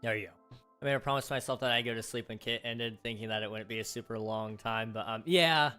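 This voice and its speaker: Bright, chatty male livestreamer. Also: mid-range voice, fast talker, smooth, faint music behind. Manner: rambling, chatty, self-deprecating. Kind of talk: casual livestream chat with viewers.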